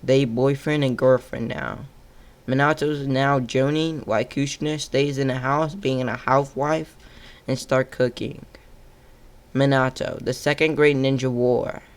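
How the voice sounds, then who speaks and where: A man tells an improvised fan-fiction tale, drawn out at an unhurried pace. He stumbles and corrects himself mid-sentence, and his pitch stays in an ordinary middle range. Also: clean tone.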